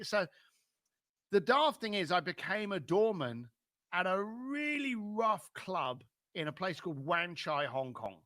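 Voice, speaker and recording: A middle-aged man with a London accent, a podcast guest telling his life story in an animated way and acting out other people's lines. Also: high-pitched, a little slow, no echo, clean studio sound. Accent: London English. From London, England.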